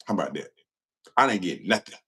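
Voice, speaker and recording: A livestream host with a low, bright, forceful and slightly rough voice talks fairly quickly and animatedly. He reads comments and tells stories in a self-mocking, slangy way, laughing often during the casual chat.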